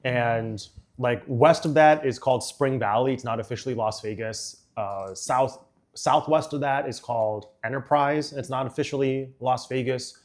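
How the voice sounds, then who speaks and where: A man streaming casual chat while building a model set, rambling with frequent fillers and quick laughs. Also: mid-range voice.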